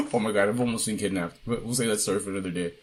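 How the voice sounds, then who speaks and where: A man's voice: lowish voice, racing. A man co-hosting a podcast, telling a childhood story in a casual, profane, laid-back way. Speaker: podcast co-host.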